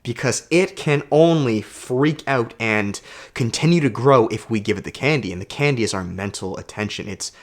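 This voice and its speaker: A man's voice: mid-range voice, moderate pace. A man who coaches self-development, talking straight to his camera in a casual motivational vlog, emphatic and preachy and swearing freely.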